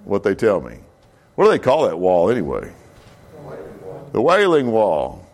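A man leads a Bible study lesson in a loose, talky manner. He stops to correct himself, fills pauses and asks the class questions as he goes. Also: fairly low pitch, wildly swooping pitch. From United States. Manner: conversational, many fillers and self-corrections, asks the class questions. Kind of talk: casual Bible class lecture.

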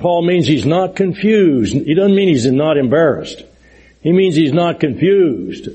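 Husky-voiced male preacher teaching scripture. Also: a little high, animated, moderate pace, warm tone, rough recording. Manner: earnest, explanatory, emphatic with scripture quotes. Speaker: preacher teaching a Bible study. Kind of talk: sermon-style Bible lesson.

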